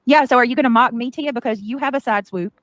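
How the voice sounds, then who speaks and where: Quick, mocking, giggly woman. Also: a little high, fairly bright tone, no room sound. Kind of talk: casual chat on a web show.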